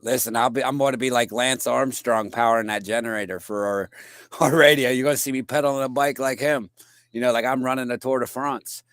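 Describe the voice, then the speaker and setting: A man's voice: mid-range voice, fairly even intonation, fairly quick, a bit bright, dry recording, clean studio sound. A man co-hosting a live-stream talk show, bantering casually and joking along. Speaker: co-host.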